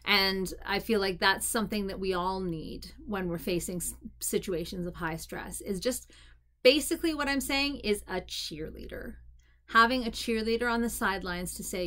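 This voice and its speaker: A woman's voice: medium pitch, moderate pace, sharp tone. A woman vlogger talking casually to camera, giving candid, encouraging advice with frequent restarts and fillers. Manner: encouraging pep-talk tone. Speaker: mental health vlogger.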